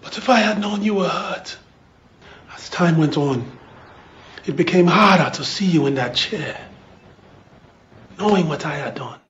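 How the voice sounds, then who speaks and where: A man's voice: a little high, expressive, a little slow, pauses often, fairly bright tone, slight background noise, pitched above the performer's own voice. A man playing a remorseful man who reproaches his partner and then admits his own guilt, in a dull lo-fi clip from a stage show. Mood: regretful.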